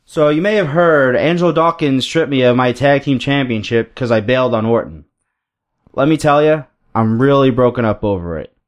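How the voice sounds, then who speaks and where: A man's voice: mid-range voice, normal speed, lightly acted. A man voicing a cocky male wrestler who speaks with mocking sarcasm. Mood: sarcastic.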